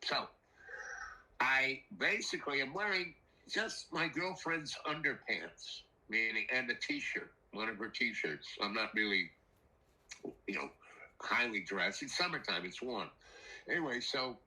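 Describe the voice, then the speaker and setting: An older man telling a rambling personal story in a casual, animated way, acting out the voices of the people in it. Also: medium pitch, measured pace, low-quality recording. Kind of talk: casual spoken anecdote.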